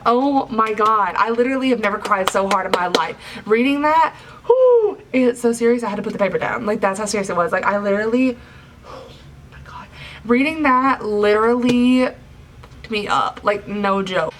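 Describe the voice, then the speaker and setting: For a book review vlog, a young woman retells a novel in a chatty way, leaning heavily on "like." She speaks at medium pitch, a little fast with few pauses, and the mic is a bit distant with faint background hiss.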